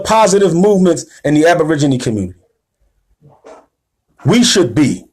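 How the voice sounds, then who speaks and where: A man's voice: on the high side, very animated, normal speed, pauses often, husky. A man giving a sermon-style religious lecture, emphatic and slangy, often checking in with his listeners. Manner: rousing, rising and louder at the call to action. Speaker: religious teacher.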